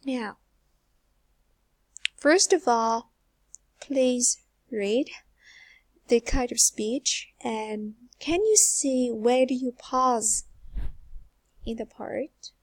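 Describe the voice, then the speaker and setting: A young woman teaching English pronunciation, repeating example phrases slowly and carefully. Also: on the high side, no room sound. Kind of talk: slow, careful pronunciation lesson.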